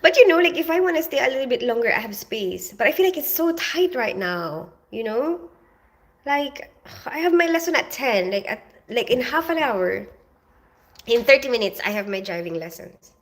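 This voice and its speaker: A woman's voice: on the high side, lively intonation, moderate pace. A middle-aged woman chatting casually on a live stream, rambling and greeting viewers by name, with lots of "you know" and "like". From half Filipino, half British. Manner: chatty, rambling, reads viewer comments aloud.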